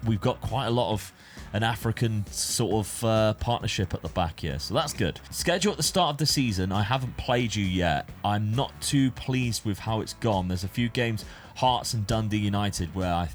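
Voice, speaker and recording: A man giving casual, rambling commentary on his football management game. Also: on the low side. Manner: chatty, rambling, self-correcting. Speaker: gaming YouTuber.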